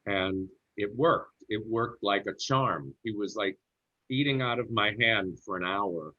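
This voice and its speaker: A low-voiced middle-aged man spins a relaxed, chatty anecdote about his acting career during an interview. The recording sounds a little muffled and lo-fi. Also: unhurried. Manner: chatty anecdotal storyteller who slips into character voices for quotes. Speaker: actor telling a career story.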